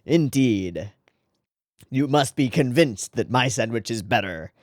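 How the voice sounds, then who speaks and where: A man's voice: mid-range voice, animated, unhurried, dry recording, studio quality. A man hosting an anime reaction channel, giving casual commentary with short murmured interjections and wry asides.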